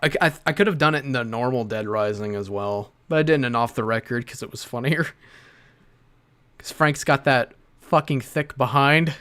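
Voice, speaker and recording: A man's voice: mid-range voice, moderate pace, pushed and bright, smooth. A man casually commentating on his stream, rambling with frequent laughter and swearing. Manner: laughs often, swears freely, rambling asides.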